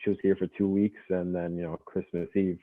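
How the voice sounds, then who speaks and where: A young man, a podcast guest, telling a story in a relaxed, casual way, full of fillers and quick laughs. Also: low voice. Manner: relaxed, laughs often, many fillers like "you know". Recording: tinny phone-like line.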